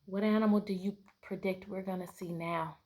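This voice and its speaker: Speaking at a moderate pace with a steady tone and medium pitch, a female teacher reads a picture book to a group of children. Her narration carries bright, storybook emphasis, and she frequently breaks off to pose questions.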